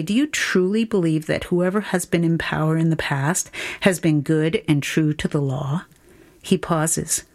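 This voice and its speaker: A woman performing a spoken word poem in a measured, deliberate storytelling delivery. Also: fairly low pitch. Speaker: poet. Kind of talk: spoken word poetry reading.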